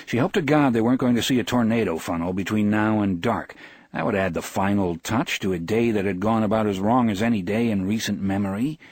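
A man narrating a novel as an audiobook, expressive and voicing the characters. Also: on the low side, breathy edge, no echo.

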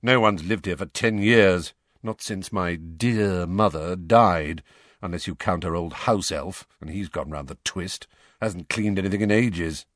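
A man's voice: sits low, measured pace, fairly bright tone, no room sound, studio quality. A man doing a sarcastic, bitter godfather. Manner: sarcastic, drawling. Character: bitter, sardonic male godfather, middle-aged.

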